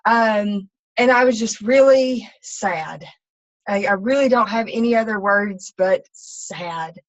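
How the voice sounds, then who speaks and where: Brief: woman, mid-pitched, candid rambling testimony, slightly dull lo-fi sound. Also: slow. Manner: candid, rambling with many ums and restarts. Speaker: fitness coach. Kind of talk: personal testimony talk.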